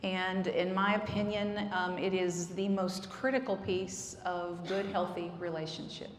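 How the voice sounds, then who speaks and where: A woman's voice: on the low side, fairly even intonation, a little slow, slight background noise. A woman giving an earnest, explanatory church talk on marriage, with frequent fillers. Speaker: marriage counselor. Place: church hall. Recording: echoey hall, faint ambience.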